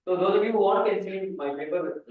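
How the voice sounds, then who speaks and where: A high-pitched man lectures on mathematics, wandering through anecdotes and restarting his sentences. He sounds distant from the microphone, with heavy echo in a large hall. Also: brisk. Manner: rambling, restarts sentences, asides to students. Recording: echoey hall, far mic, phone-like band.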